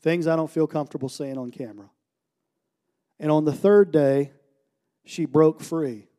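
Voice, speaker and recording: A man from the United States preaching a sermon, telling a story and swinging from hushed, slow lines to loud, emphatic ones. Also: on the high side. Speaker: pastor.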